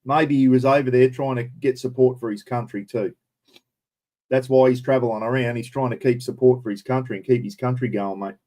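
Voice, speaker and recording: A man's voice: mid-range voice, steady tone, fairly quick, dark tone. A middle-aged Australian man hosting a casual live stream and answering viewers, blunt and opinionated, swearing now and then. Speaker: livestream host.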